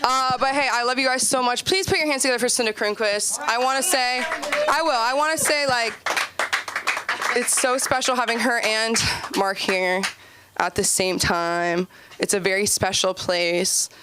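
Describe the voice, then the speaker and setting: A woman's voice: a little high, fairly even intonation, moderate pace, sharp tone, slight background noise. A woman doing open mic stand-up comedy on a club stage, chatty and giggly, with lots of "like" in her speech. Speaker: stand-up comic and show host.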